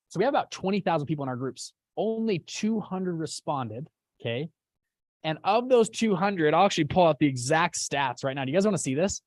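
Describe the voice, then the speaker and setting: Animated young man telling a story. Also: no room sound. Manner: animated, acts out quotes with big jumps in pitch. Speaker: fund company founder. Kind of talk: casual storytelling to an online audience.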